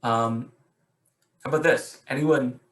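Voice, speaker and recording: Bright-voiced male teacher on a video call. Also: mid-range voice, fairly even intonation, takes it slowly, echoey room. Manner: hesitant, restarts often, asks questions. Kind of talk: online class discussion.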